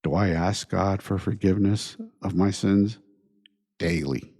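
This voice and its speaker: Low gravelly-voiced man musing slowly. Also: level tone, mellow. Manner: unhurried, repeats points with rhetorical questions. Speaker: podcast host. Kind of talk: reflective monologue.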